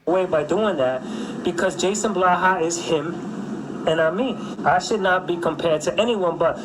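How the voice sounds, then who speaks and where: A man's voice: high voice, moderate pace. Aggrieved man in a noisy played-back clip. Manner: aggrieved, complaining about being compared. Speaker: video creator whose clip is being reacted to. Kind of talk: monologue to camera.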